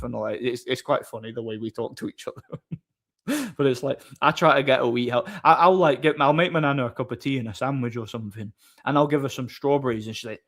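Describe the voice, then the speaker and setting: A streamer host chats casually with viewers, answering them in an opinionated, rambling way and often repeating words as he thinks. His voice is mid-range, fairly quick and fairly bright.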